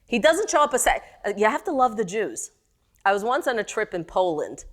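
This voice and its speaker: A middle-aged woman teaching a text-study class, animated and questioning her students. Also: mid-range voice, a little fast.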